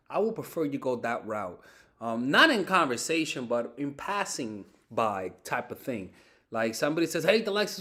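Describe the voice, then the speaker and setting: Animated man giving dating advice. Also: mid-range voice. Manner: animated, swears often, repeats and restarts words. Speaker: dating coach. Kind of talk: casual advice monologue.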